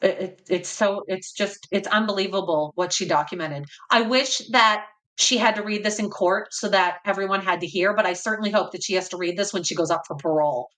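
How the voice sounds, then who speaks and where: Woman host, bright voice, reading excerpts aloud, somber asides to viewers. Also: medium pitch, brisk, poor audio. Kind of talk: reading journal excerpts and commenting.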